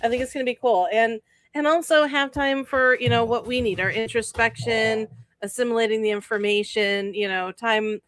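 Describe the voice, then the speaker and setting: Woman, co-host, slightly high voice, relaxed rambling talk, dry close sound. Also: normal speed, dry recording. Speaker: podcast co-host. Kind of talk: casual chat.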